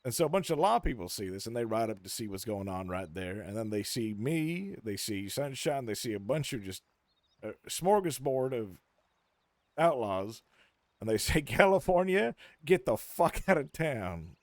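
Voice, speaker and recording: A man's voice: on the low side, moderate pace, no echo. A man casually telling a long story to friends on a call, swearing freely and acting out what people said. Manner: animated, profane, acts out quotes mid-story. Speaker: streamer.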